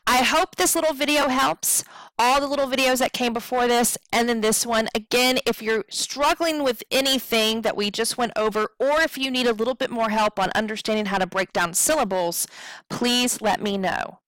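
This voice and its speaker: A woman's voice: fairly high pitch, moderate pace, a bit bright, dry recording, low-quality recording. A woman teaching a poetry lesson, patiently counting syllables aloud and checking in with her students.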